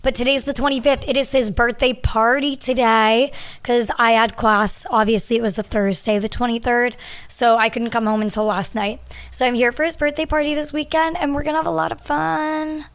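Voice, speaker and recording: Hoarse young woman chatting on a podcast. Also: a little high, steady tone, normal speed. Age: 20s. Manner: chatty and rambling, lots of ums and likes. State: hoarse, losing her voice. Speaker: podcast host. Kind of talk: casual podcast chat. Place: at her family home. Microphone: podcast microphone.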